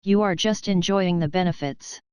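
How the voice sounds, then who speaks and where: A cruel, gloating villain who pilots a huge mech suit, voiced by a woman narrator. The voice sits low and comes out very smooth and clear. The recording is dry and close. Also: normal speed, a little mellow, no echo, natural voice. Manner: gloating, sneering.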